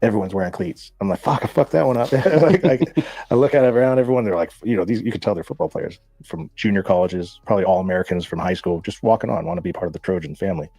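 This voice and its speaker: A man telling profane, animated stories in a casual chat, laughing as he goes. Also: sits low, quick pace, husky, no echo. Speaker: guest. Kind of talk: casual storytelling.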